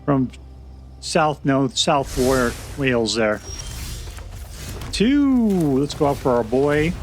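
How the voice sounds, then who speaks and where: A man's voice: mid-range voice, lively intonation, slow, a little hiss or hum. A man giving casual, joking commentary to himself as he plays a card game. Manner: chatty, joking, talks to himself while playing. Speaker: gameplay commentator.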